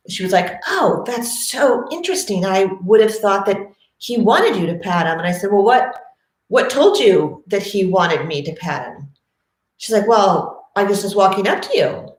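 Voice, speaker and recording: An animated woman tells stories in a casual way and acts out the voices of her clients. She sits at a middle pitch for a woman. The room is echoey. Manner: animated, acts out both sides of conversations. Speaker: dog trainer. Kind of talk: casual storytelling to camera.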